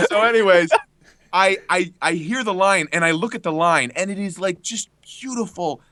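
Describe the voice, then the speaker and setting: Bright, laughing, foul-mouthed male storyteller. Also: high-pitched, moderate pace, no room sound. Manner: rambling, profane anecdote telling with frequent laughs. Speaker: guest voice actor. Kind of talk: casual podcast chat.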